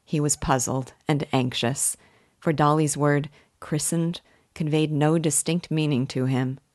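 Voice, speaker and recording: Low-voiced woman reading a novel aloud. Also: fairly even intonation, a little slow, darkish tone, no echo, studio quality. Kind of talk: audiobook narration.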